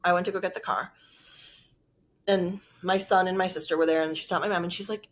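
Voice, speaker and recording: A woman's voice: fairly low pitch, fairly even intonation, a little fast, long pauses. A woman vlogger telling a personal story in a rambling, emotional way with lots of filler words. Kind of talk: casual storytelling.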